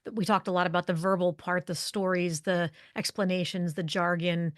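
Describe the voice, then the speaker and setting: A woman's voice: lowish voice, little pitch movement, normal speed, dry recording, studio quality. A middle-aged woman guest on a podcast, explaining leadership presence in an articulate way, laying out points through strings of rhetorical questions. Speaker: leadership communication expert guest. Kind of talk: conversational podcast interview.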